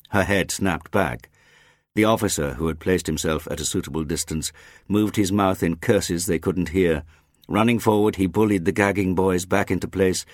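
A man reading a literary audiobook in a slow, measured and grave manner. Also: sits low, no echo, studio quality. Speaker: audiobook narrator.

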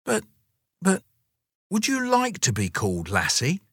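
A man's voice: wildly swooping pitch, measured pace, fairly bright tone, breathy edge, no echo, studio quality, heavily acted. A man voicing an eager five-year-old girl in a storybook reading. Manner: eager, high and piping.

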